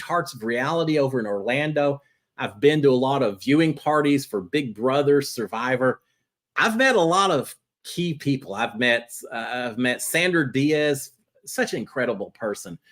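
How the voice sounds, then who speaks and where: Male host, live fan-chat show, conversational, pitch jumps around a lot, middle register. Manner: chatty and animated, jumping between topics. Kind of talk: casual live chat answering viewer questions.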